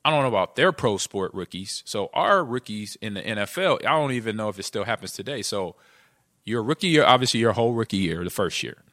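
A man's voice: quick pace, dry recording, clean studio sound. A middle-aged man, a podcast co-host and former football player, telling stories casually and acting out the quotes. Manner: animated, acts out quotes with jumps in pitch. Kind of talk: casual storytelling chat.

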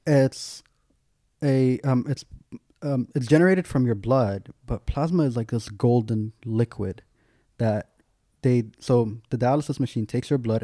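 A man's voice: mid-range voice, mellow, dry recording, studio quality. A man, a guest, telling a personal story in candid, casual talk, full of "like" and wry self-mocking humour.

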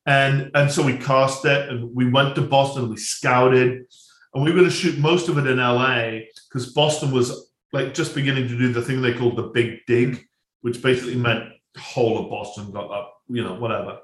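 A man's voice: mid-range voice, steady tone, moderate pace, fairly bright tone. Rambling male director, roomy sound. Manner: rambling, many restarts and asides, laughs at own jokes. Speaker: film director guest. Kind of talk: casual anecdote-telling.

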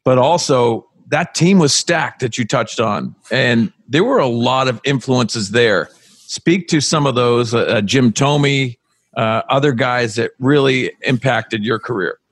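A man of middle pitch asks a casual interview question, stopping and restarting with fillers. The sound is dry and close. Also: no echo. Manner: halting, filler-heavy questioning. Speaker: interviewer, former teammate.

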